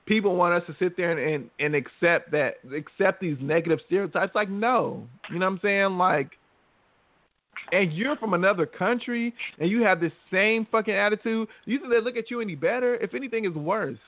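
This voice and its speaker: A man co-hosting a casual podcast, ranting in a heated, profane way with a gravelly voice. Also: sits high, brisk, no room sound. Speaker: podcast co-host. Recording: tinny phone-like line.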